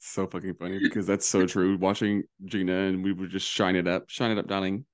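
Campy animated man chatting. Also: sits low, fairly quick. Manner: animated, campy, mimics voices for jokes. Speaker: podcast co-host. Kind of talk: casual chat.

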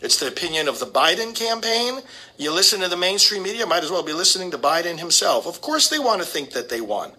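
A man's voice: sits high, very animated, fast talker, bright, forceful tone, husky, rough recording. A man, a priest, giving an emphatic, preachy commentary and calling his listeners friends. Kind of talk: commentary monologue.

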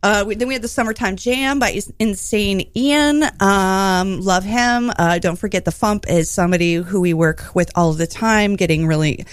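A woman's voice: mid-range voice, normal speed, hardly any pauses, clear, resonant tone, no echo, studio quality. Rambling, joking woman radio host. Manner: rambling, joking, many fillers. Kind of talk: casual comedy radio chat. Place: radio studio.

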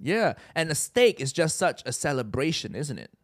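Podcast host, young adult man from Asia, provocative comic chat, pitch a touch high, lively swings. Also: moderate pace. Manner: joking, provocative, laughs often. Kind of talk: casual chat.

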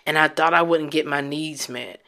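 Bright-voiced woman sharing candidly. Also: low-pitched, vocal fry. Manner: candid and emotional, swears casually; reflective, halting restarts. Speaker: vlogger. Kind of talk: personal storytelling.

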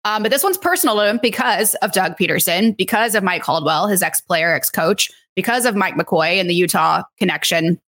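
Upbeat woman running a sports podcast, bright clear voice. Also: medium pitch, expressive, fairly quick, few pauses. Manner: upbeat, optimistic. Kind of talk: casual sports chat.

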